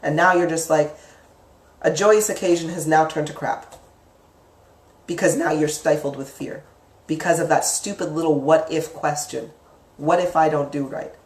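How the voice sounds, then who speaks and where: A woman giving a casual spoken lesson on the mind, chatty and lively, acting out inner voices with sudden leaps up in pitch. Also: moderate pace, pauses often, far from the mic. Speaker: psychic teacher. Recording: echoey room, speaker away from the mic.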